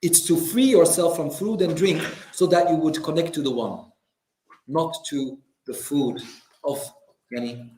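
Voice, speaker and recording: A man teaching a religious class in a community centre, lively and teasing, mimicking complainers. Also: mid-range voice. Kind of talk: lecture to a class. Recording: echoey hall.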